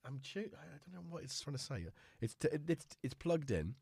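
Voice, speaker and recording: A man hosting a relaxed live stream, chatting casually and talking fondly to his cats. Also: fairly high pitch, a little fast, creaky, slightly rough, no echo. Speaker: livestream host.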